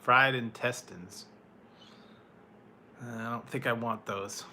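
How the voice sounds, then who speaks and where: Speaking slowly and steadily, a man with a medium-pitched, bright, forceful voice chats loosely with his stream viewers while reviewing food. He's an adult who was once married, and his rambling talk is packed with fillers and small laughs. Slight background noise is present.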